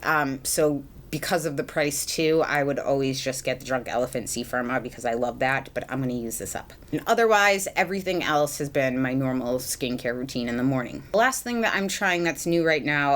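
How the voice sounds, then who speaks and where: A woman's voice: very deep voice, a bit bright. A woman in her thirties from the US, chatting casually while doing her makeup at home, rambling with fillers and little laughs. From United States. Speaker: beauty vlogger. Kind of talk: chatty get-ready-with-me vlog. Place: home, at a mirror, indoors.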